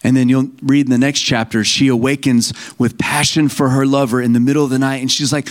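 A man's voice: medium pitch, flat delivery, fairly quick. A man preaching a sermon in a conversational, storytelling way, quoting scripture and family members and laughing at himself now and then.

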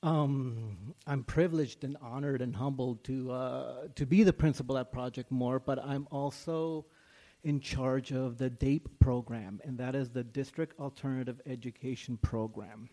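A man's voice: medium pitch, steady tone, a little slow, mellow. A man, a school principal, speaking to a congregation in a chatty, self-deprecating way with many fillers. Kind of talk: casual talk to a congregation.

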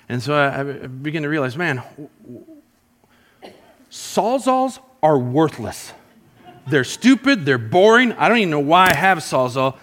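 A man preaching at a church service, with a bright, forceful voice that sits a little high for a man. He tells his illustration with lively acted-out quotes, swinging between quiet asides and excited outbursts. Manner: animated storytelling with acted-out quotes. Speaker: pastor. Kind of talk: sermon.

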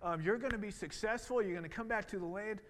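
God delivering an emphatic, reassuring pep talk, as a preacher acts him out. The voice sits fairly high and carries a long reverb, as in a large hall. Each promise comes out firm and commanding. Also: male voice, fast, fairly bright tone. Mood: encouraging. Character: God, encouraging and commanding divine voice.

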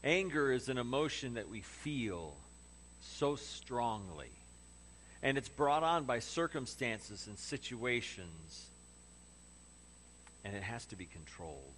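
A man's voice: medium pitch, big pitch swings, takes it slowly, pauses often, fairly bright tone, a little hiss or hum. A man preaching a sermon in a conversational way, with humorous asides. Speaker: pastor.

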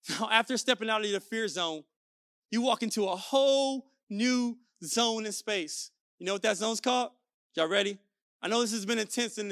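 A man in his thirties preaching a sermon, pastor of the church, shouting exhortations and asking his audience rhetorical questions. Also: sits high, no room sound, studio quality.

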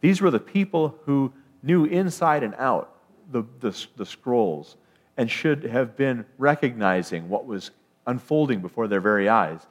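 A man's voice: medium pitch, expressive, unhurried. A man preaching a sermon, emphatic, rising to declarations and often restarting his phrases.

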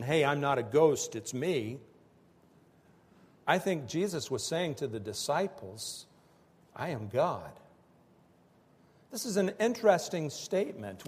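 A man preaching a sermon in slow, emphatic phrases that swell and drop with pauses between them. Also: on the high side, darkish tone, in a large hall. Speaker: pastor.

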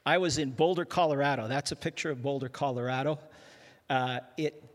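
An older man from Canada preaches to a church congregation with an easygoing, self-mocking humor. His voice sits at a middle pitch and trips over quick restarts. The sound carries a long reverb from the large hall. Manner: self-deprecating, joking, with frequent restarts. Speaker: guest pastor. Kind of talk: humorous sermon.

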